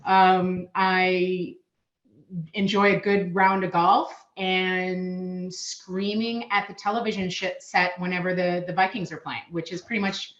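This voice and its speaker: A woman's voice: fairly low pitch, level tone, a little slow, fairly bright tone. A middle-aged woman with a Minnesotan accent, chatting upbeat as an interview guest, with lots of ums. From Minnesota, USA. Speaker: guest, payments market manager. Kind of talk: casual interview chat. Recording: echoey, dull lo-fi remote audio.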